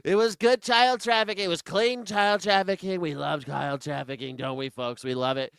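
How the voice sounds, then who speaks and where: A man's voice: high-pitched, fairly even intonation, normal speed, creaky, fairly bright tone, clear, resonant tone, no room sound, clean studio sound. A man putting on a mocking impression of a boastful, shameless older male politician. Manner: mocking, bragging caricature.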